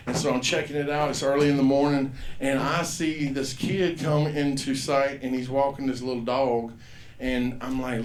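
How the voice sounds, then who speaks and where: Man in his fifties doing rowdy stand-up, swears a lot, voices everyone, echoey club room. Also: mid-range voice. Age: 50s. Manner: profane, rambling, acts out characters loudly. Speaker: stand-up comedian. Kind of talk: stand-up comedy set. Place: comedy club stage.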